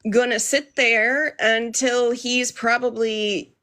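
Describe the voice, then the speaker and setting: A woman's voice: fairly high pitch, fairly even intonation, slow, pushed and bright. A woman hosting a casual commentary update, explaining events in a matter-of-fact way. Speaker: commentary host.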